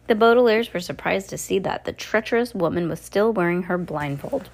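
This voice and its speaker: A woman reads a novel aloud at home pace, stumbling over words and going back to fix them. Her voice sits a little low for a woman. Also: brisk, creaky. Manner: unpolished, frequent restarts and self-corrections. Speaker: reader.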